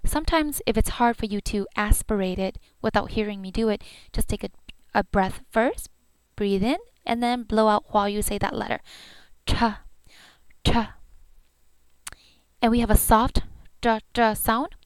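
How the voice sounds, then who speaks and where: Woman teacher, slow and patient pronunciation drills, smooth voice, dry close recording. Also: mid-range voice, dry recording. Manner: patient, repeats each sound several times. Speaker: language teacher.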